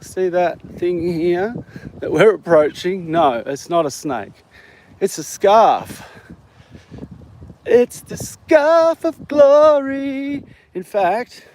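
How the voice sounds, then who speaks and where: A man's voice: a little high, a little hiss or hum. An Australian man vlogging live while out on a walk, rambling and joking with viewers. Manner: rambling, jokey, talks to viewers.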